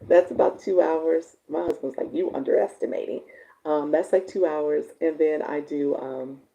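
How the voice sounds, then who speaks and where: A woman live-stream coach with a raspy voice, chatting casually with viewers and reading their comments. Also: deep voice, steady tone, a little slow, muffled recording. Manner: chatty, warm-toned, laughs often, answers viewers by name.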